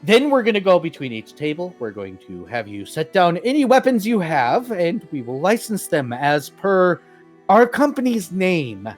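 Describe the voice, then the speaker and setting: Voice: very animated, moderate pace, soft background music. A game master voicing a nervous feathered male boss who runs a science company, in a tabletop game. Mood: officious. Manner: loud, shrill announcements that jump to shouting.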